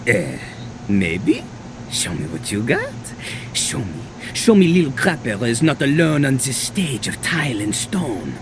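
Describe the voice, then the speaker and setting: A man's voice: mid-range voice, wildly swooping pitch, a little slow, background noise. An actor playing a boastful male French rapper who lives as a toilet, rhyming and bragging in a French accent. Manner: boastful, raps and beatboxes in rhyme.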